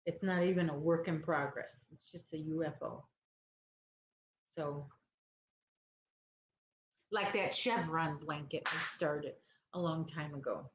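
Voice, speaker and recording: Brief: woman, crochet-stream host, lowish voice, rambling and sleepy, roomy dull recording with faint hiss. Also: slow pace, pauses often. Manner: rambling, chatty, loses her train of thought. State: sleepy, yawning. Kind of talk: casual chat with live viewers.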